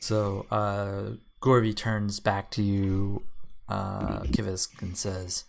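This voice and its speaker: A man narrating a tabletop game as game master, speaking haltingly with many fillers. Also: fairly low pitch, completely flat delivery, creaky.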